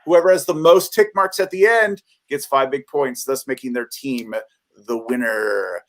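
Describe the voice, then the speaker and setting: Upbeat improv referee on a video call. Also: male voice, mid-range voice, normal speed, a bit bright. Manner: upbeat, hesitant with many fillers. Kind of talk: live improv game hosting.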